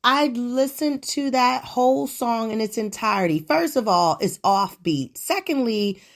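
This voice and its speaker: A middle-aged woman sounds off on her solo show, cursing freely and sounding disbelieving. Her pitch swings widely from low grumbles to high squeals. She stammers, restarts and laughs as she rants. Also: expressive, measured pace. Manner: profane, ranting, incredulous. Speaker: show host. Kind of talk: solo commentary on current events.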